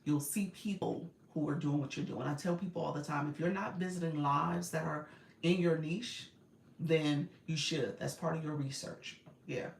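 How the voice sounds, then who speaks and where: A woman's voice: sits low, fairly even intonation, normal speed, gravelly, echoey room, a little hiss or hum. A woman in her forties coaching on a livestream, chatty and direct, often breaking into laughter. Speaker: live-streaming coach. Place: inside a car.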